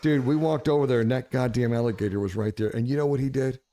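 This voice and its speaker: Profane animated storytelling man. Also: medium pitch, quick pace. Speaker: streamer telling a story. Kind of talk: casual storytelling.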